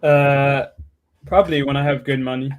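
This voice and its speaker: A young man with a Swedish accent talking casually as a student guest, halting, restarting his sentences and speaking bluntly. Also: mid-range voice, steady tone, clean tone. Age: young adult. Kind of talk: casual chat.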